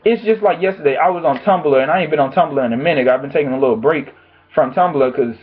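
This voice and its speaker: A man's voice: a little high, quick pace, breathy edge. A man vlogging from home with blunt, profane, exasperated commentary on the news. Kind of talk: casual opinion commentary. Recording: tinny phone-like audio.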